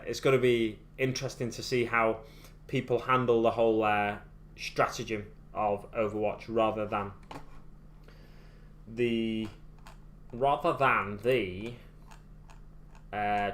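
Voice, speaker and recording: British man, live-stream chat, rambling, restarts often, mid-pitched voice. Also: a bit bright. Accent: British English. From United Kingdom. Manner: rambling, thinks aloud with many restarts. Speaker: miniature painting streamer.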